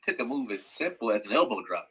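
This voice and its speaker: A man's voice: mid-range voice, very animated, fast talker, husky, low-quality recording. A man who is a professional wrestler, talking as a podcast guest in an enthusiastic, casual way. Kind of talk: casual chat.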